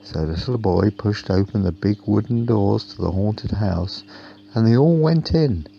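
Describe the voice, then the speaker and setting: A man narrating a children's storybook in a slow, gentle way. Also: lowish voice, animated, creaky. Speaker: storybook reader. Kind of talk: children's storybook read-aloud. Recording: dull lo-fi with faint hum.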